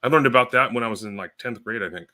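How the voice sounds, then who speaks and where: A man's voice: medium pitch, rapid-fire, pushed and bright. A man talking as a guest in a casual podcast chat, rambling with many fillers and turning blunt.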